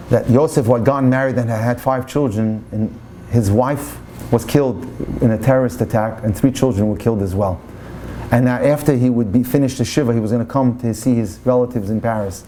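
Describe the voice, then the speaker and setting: A man, a rabbi, giving an inspirational lecture full of passionate storytelling. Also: dark tone. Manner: passionate storyteller, turning low and solemn.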